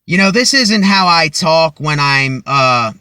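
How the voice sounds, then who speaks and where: A man vlogging a motivational monologue into a cheap phone from inside his car, speaking deliberately and loudly as if to a crowd. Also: a little high, expressive, clear, resonant tone, no room sound. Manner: slow and deliberate, projecting as if to a crowd.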